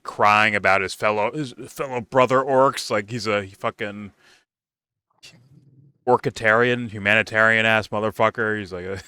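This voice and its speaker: A man's voice: fairly low pitch, sharp tone, clean tone, no room sound. A man giving a casual, profane TV review, rambling loosely with lots of "like" and restarts. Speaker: TV show reviewer.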